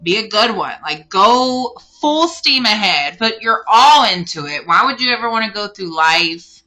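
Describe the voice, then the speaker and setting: Slow-talking bright-voiced woman card reader. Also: mid-range voice, lively intonation, faint music behind. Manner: rambling, self-correcting, warm addressing of listener. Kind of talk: casual spiritual card reading.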